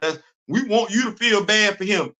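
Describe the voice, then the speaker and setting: Male host with a high, sharp voice; lively, exclamatory fan chat. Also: normal speed. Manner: animated, repetitive, exclaiming, laughing. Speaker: comics podcast host. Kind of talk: excited casual comic book talk. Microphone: live stream mic.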